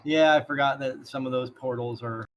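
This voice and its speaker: A man running a tabletop game as game master, narrating in a relaxed, halting way. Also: medium pitch, dull audio.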